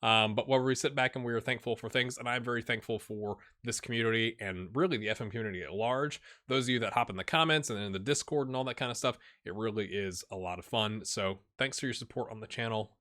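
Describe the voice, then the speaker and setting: Chatty guy narrating his football manager save, bright voice, rambles a lot. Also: mid-range voice, fast talker, few pauses. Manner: chatty, rambling, addresses viewers as "my friends". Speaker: gaming YouTuber. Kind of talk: casual let's-play commentary.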